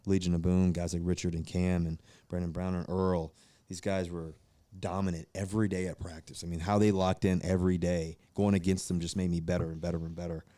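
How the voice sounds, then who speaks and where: A Virginia man in his thirties, a pro football quarterback, is a guest on a casual podcast telling stories, acting out the voices of people he quotes. His voice is low and brisk on a dry recording. He's animated, with many fillers and restarts.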